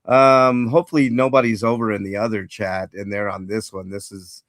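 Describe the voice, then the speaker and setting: A man's voice: lowish voice, flat delivery, moderate pace, fairly bright tone, dry recording, clean studio sound. A man hosting a casual livestream, rambling and greeting chat viewers by name. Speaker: livestream host.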